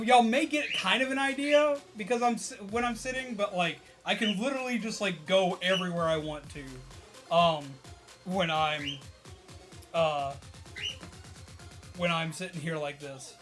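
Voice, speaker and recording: A man streaming to his viewers in casual chat, excitable and tired, swearing and laughing often as he rambles. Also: high voice, unhurried, music in the background.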